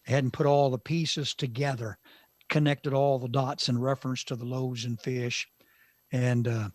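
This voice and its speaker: A man teaching from the Bible on a talk show, slow and emphatic, with dramatic pauses and sudden shifts in loudness. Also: mid-range voice, level tone, no room sound.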